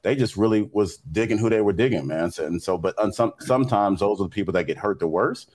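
Man, lowish voice, panel member, laid-back, rambling, restarts a lot. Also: fast talker. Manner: relaxed, rambling, repeats words. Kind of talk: casual chat.

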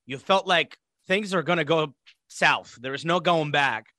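An Iraqi man, a guest on a podcast, tells a story in relaxed conversation, his voice fairly high and unhurried. He's animated and acts out other people's voices. The studio recording is clean with no echo.

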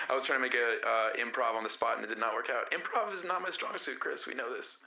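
A man hosting a casual podcast, hoarse from shouting the night before and laughing often. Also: medium pitch, quick pace. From Oregon, USA. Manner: laughs often, loud show intro. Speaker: podcast host.

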